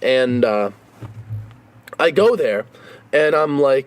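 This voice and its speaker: A man's voice: mid-range voice, slow pace, no echo. A young man co-hosting a podcast, telling a story in casual chat, swearing and acting out the people in it. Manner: animated, swears, acts out dialogue. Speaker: podcast co-host.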